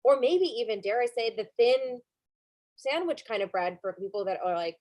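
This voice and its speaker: A woman's voice: fairly high pitch, expressive, normal speed, darkish tone, dry recording. A woman co-hosting a podcast, rambling through a cooking show recap with fillers and self-corrections. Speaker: podcast co-host.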